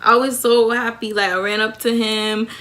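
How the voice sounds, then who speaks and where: A woman's voice: fairly high pitch, normal speed. Chatty young woman telling a story. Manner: chatty, animated, acts out what people said. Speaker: vlogger. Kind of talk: storytime vlog.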